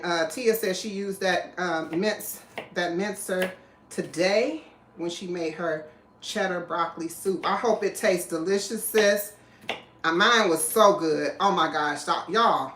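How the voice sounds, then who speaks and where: A woman's voice: medium pitch, fairly bright tone. Woman, live cooking stream host, casual rambling chat, greets viewers, echoey kitchen, faint background noise. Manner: chatty, rambling, greets viewers and reads their comments. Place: home kitchen.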